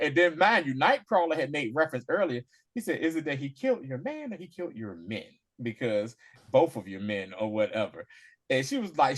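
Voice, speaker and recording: A man co-hosting a podcast, recapping an episode in casual chat, acting out the characters' lines with quick voiced quotes and laughter. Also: medium pitch, very animated, a bit bright. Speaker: podcast co-host.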